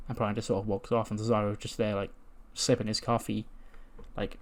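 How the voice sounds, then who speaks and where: A man's voice: fairly low pitch, little pitch movement, brisk. Brief: man, casual let's-play recap, rambling and profane. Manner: rambling, swears, laughs at results. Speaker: game commentator.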